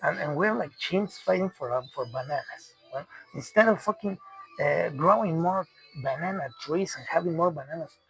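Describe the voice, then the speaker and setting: Gravelly, exasperated man. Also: a little high, normal speed, a bit bright, soft background music, low-quality recording. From Mexico. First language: Spanish. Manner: profane, exasperated, rambling with restarts. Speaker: commentator. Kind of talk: unscripted rant.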